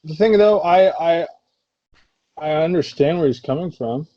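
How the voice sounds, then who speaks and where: A man's voice: a little high, unhurried, no echo, dull audio. A man co-hosting a casual podcast, stammering and restarting his sentences. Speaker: podcast co-host. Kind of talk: casual chat.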